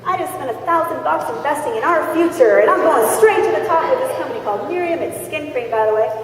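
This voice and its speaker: A woman's voice: high-pitched, expressive, fast talker, a little hiss or hum, pitched above the performer's own voice. A woman putting on a gushing, overexcited new recruit. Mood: giddy. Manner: breathless, gushing, boastful. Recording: echoey convention hall from far off.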